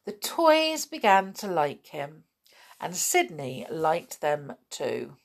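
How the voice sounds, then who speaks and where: A woman reading a children's story aloud, gentle and chatty with asides. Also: low-pitched, sing-song, slow pace. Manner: gentle, chatty asides, clears throat often.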